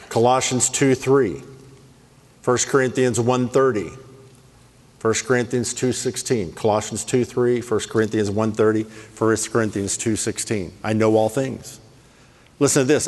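A man preaching a sermon in a lively, playful way, rattling off scripture references. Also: medium pitch, measured pace. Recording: long hall reverb.

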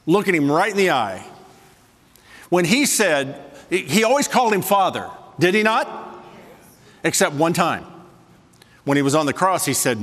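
A man preaches a sermon in a somewhat raised voice, slowing and softening for emphasis, then speeding into quick asides to the room. The sound carries a long reverb from the large church hall. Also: on the high side, sing-song. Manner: swings between soft slow emphasis and quick asides to the congregation. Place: church sanctuary with a congregation.

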